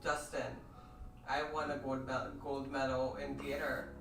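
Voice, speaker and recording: A man's voice: mid-range voice, completely flat delivery, a little slow, a bit bright, roomy sound, soft background music. A man joining a stream over voice chat, teasing his friend in casual banter. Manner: teasing, playful.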